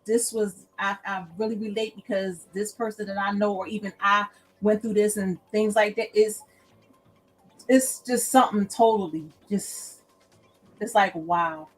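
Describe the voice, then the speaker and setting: A woman guest in a casual chat, talking in an animated way and acting out other people's voices. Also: mid-range voice, unhurried, faint music behind, low-quality recording. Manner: animated, acts out characters' voices. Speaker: guest, author.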